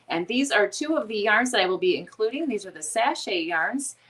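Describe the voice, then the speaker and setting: With a medium-pitched, fairly bright voice, a Chicago-area woman runs a casual live chat as a livestream host. Her accent is nasal, and she chats freely, reading comments aloud amid many ums.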